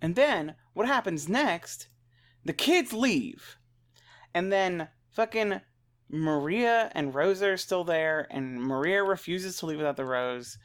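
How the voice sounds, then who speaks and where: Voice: medium pitch, animated, takes it slowly. A podcast co-host in casual discussion, swearing freely and acting out characters' lines and their own reactions.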